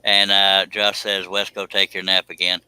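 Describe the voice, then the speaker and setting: A man's voice: sits low, completely flat delivery, normal speed, sharp tone, clear, resonant tone, no room sound, rough recording. A man, hosting a casual livestream, joking around and reading viewer comments aloud. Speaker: livestream host.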